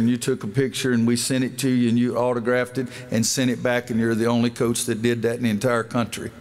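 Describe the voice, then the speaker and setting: Older man telling folksy stories. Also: mid-range voice. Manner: folksy storytelling, acting out quoted dialogue. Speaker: basketball coach giving a speech. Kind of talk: speech at a dedication event.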